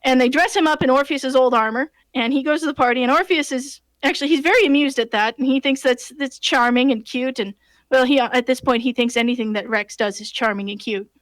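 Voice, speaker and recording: High-voiced woman telling a game story. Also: fairly quick, no echo. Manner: animated, many fillers and restarts. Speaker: game master. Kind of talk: casual storytelling.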